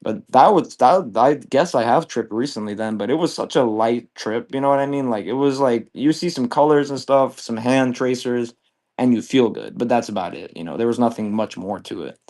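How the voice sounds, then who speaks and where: Selling to viewers on a live stream, this man has a mid-range voice with a darkish tone and speaks at normal speed. His casual chat drifts into a long, easygoing tale, loaded with curse words and filler.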